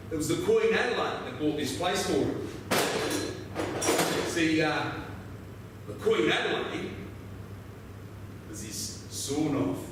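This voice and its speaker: An actor with an Australian accent playing a weathered, laconic outback roadhouse local who drawls through a swearing yarn. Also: male voice, on the high side. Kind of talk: theatrical monologue. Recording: very echoey, distant mic, noisy ambience.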